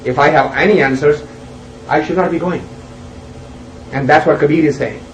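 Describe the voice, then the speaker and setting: An unhurried male spiritual teacher tells a parable and keeps asking his listeners questions. His voice sits a little high for a man. It sounds roomy and far from the mic, with a dull, lo-fi tone. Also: slight background noise. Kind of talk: spiritual discourse with storytelling. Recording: roomy, distant, dull lo-fi recording.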